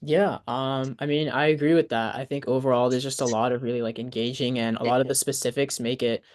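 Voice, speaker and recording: A teenage boy co-presenting an online workshop, giving upbeat feedback with quick talk and many fillers over a video call. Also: mid-range voice, little pitch movement.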